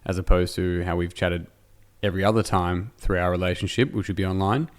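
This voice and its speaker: A man's voice: low voice, steady tone, a little fast. An Australian man hosting a podcast in a casual, rambling way, correcting himself and joking with his guest. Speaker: podcast host. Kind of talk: casual conversational interview.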